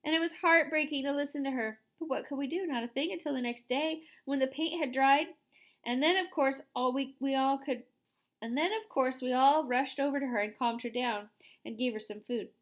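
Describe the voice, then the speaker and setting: A prim, dramatic lady spider played by a woman tells a rambling tale in a genteel, long-winded manner. Her voice sits a little high, and this is a storybook creature. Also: moderate pace, close to an everyday voice. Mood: mournful.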